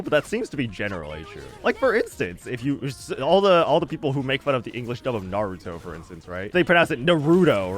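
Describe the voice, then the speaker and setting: A man from the United States giving casual, chatty gameplay commentary, laughing often and reacting loudly. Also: fairly high pitch. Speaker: streamer playing a game.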